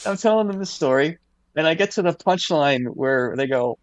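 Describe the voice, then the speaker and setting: This US podcast co-host has a higher-pitched voice and lively intonation, telling a long, rambling anecdote at a moderate pace with plenty of fillers. The casual storytelling comes through dull, lo-fi and dry.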